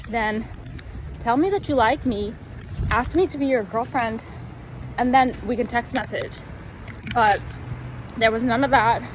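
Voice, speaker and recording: A young woman vlogger telling a casual storytime rant, animated and exasperated, rambling with many fillers. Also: on the high side, noisy background.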